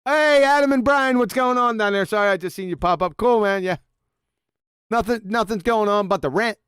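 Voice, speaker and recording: A man with a high, smooth voice runs a livestream, reacting to a played clip with crude, mocking commentary. He speaks close to a dry microphone and breaks into loud, profane outbursts. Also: moderate pace, dry recording. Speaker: livestream host.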